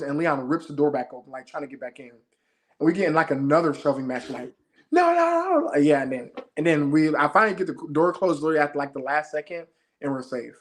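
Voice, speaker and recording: A young man, a former game show contestant, retelling his experience as an interview guest in an excited, fast-moving casual chat. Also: on the high side. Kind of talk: animated storytelling in casual chat.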